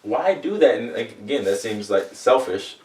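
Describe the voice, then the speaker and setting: A man's voice: medium pitch, animated, measured pace, darkish tone. A man who coaches, co-hosting a podcast, arguing his points earnestly and asking pointed questions. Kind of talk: casual podcast chat. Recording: roomy, distant mic.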